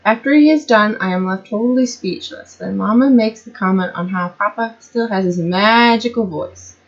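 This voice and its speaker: A woman's voice: mid-range voice, moderate pace. A woman reading her own first-person story aloud, tripping over words and restarting lines, in a slightly muffled recording. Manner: stumbles and restarts often, comments on her own slips. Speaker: amateur storyteller.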